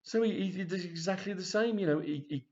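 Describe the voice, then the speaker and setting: A man's voice: high voice, brisk, darkish tone. Male author reading his comic tale, chatty and rambling; dull lo-fi take. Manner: rambling, chatty, many restarts. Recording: dull lo-fi recording.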